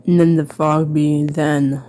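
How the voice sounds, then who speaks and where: A woman with a low, dark and mellow voice talks slowly through an old childhood book in casual commentary. She rambles and mocks herself, dropping "like" between phrases. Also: little pitch movement, a little hiss or hum. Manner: self-mocking, rambling, many "like" fillers. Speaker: video creator.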